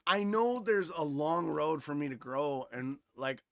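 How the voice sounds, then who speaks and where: Podcast dude with a high bright voice, swears a ton, ranting loud then going quiet, dry close mic. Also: male voice, animated, a little slow, vocal fry, dry recording. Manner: blunt and profane, swings from loud ranting to quiet reflection. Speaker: podcast co-host. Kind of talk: casual chat.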